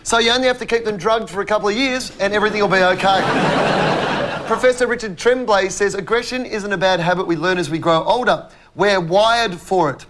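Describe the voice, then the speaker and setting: A man's voice: sits high, brisk, a little hiss or hum. A man hosting a satirical comedy show, delivering jokes with punchy timing. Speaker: host. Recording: loud studio audience. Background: audience laughter, music.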